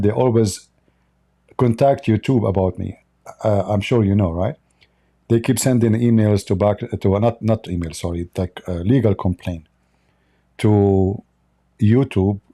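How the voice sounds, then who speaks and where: Gravelly, blunt male commentator. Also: lowish voice, mellow. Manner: blunt, opinionated, with frequent restarts. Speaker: commentary channel host. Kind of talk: livestream political commentary.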